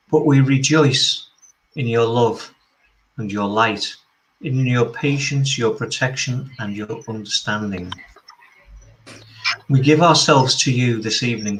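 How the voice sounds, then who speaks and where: A man's voice: medium pitch, fairly bright tone, rough recording. Man steadily leading an opening prayer. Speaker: medium and church minister.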